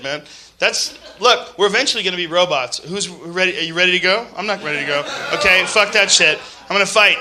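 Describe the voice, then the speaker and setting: A man doing a stand-up comedy set, profane and ranting, swinging from shouting bits to low muttered asides.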